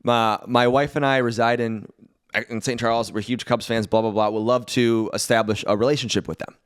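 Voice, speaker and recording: A man's voice: medium pitch, fairly quick, smooth, no room sound, studio quality. A young man co-hosting a podcast, chatting casually and working through examples with fillers. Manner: relaxed, talks through examples with filler words. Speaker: podcast co-host. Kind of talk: casual conversation.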